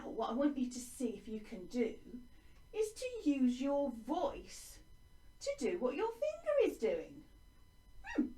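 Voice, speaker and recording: A woman's voice: high-pitched, a little mellow, roomy sound, recorded from a distance. A woman with an English accent teaching young children in an online lesson, in a sing-song, encouraging way that is exaggerated for small children. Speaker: primary school teacher.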